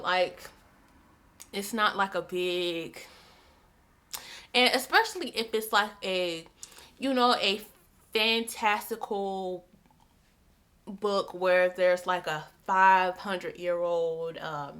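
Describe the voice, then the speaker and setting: Young female book vlogger, bright voice, loose chatty delivery. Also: fairly low pitch. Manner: chatty, repeats herself, many "like" fillers. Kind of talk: casual chat.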